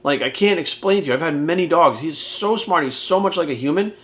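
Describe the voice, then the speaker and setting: A man in his forties, a fitness coach from the United States, rattles off a candid, curse-filled motivational speech in a blunt, emphatic way. His fairly bright voice runs on the high side, fairly quick, with lively intonation.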